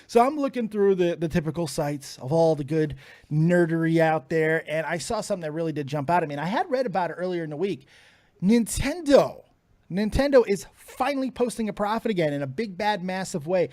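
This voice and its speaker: High, lively profane podcast host. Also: male voice, quick pace, no room sound. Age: middle-aged. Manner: profane, laughs often, excitable. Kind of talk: casual podcast chat.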